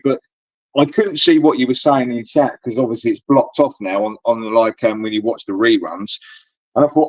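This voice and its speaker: A man chats in a rambling, animated way, swearing freely as he vents. His voice sits in an ordinary middle range. The recording is dull and dry. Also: mid-range voice, fairly quick, no echo. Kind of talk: casual chat.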